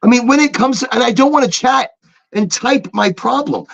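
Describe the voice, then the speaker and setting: A man's voice: very high voice, normal speed, vocal fry, a bit bright. A man co-hosting a casual podcast, talking emphatically with repeated phrases and mimicking automated phone voices. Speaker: podcast co-host.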